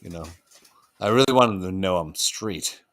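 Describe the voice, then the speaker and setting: A man co-hosting a casual podcast, telling stories and dropping deadpan jokes. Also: low voice, normal speed. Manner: joking, deadpan asides. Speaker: podcast co-host. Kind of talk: casual chat.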